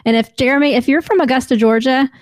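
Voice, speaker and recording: A woman's voice: high-pitched, quick pace, no room sound. A woman from the United States co-hosting a podcast in casual chat, chatty and emphatic. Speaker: podcast co-host.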